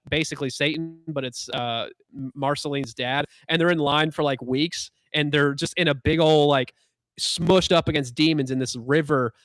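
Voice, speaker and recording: A man's voice: a little high, a bit bright, no echo. A man co-hosting a podcast, retelling a story in casual, sarcastic style with lots of fillers. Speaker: podcast co-host.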